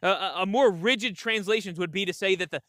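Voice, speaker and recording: A man's voice: high voice, fast, bright, forceful tone, no room sound, clean studio sound. A man preaching a sermon, earnest and emphatic, often repeating himself and checking in with "right?". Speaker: pastor.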